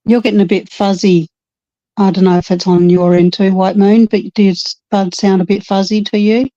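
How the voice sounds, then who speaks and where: A woman's voice: mid-range voice, little pitch movement, moderate pace, mellow, no echo. A woman chatting earnestly and reflectively with friends on a late-night stream. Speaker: chat regular. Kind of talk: casual chat. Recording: muffled lo-fi audio.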